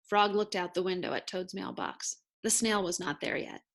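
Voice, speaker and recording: A woman teacher reads a children's picture book aloud at an easy, measured pace. Her narration is clear and gentle, made for young listeners. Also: fairly low pitch, lively intonation. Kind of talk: read-aloud storybook narration.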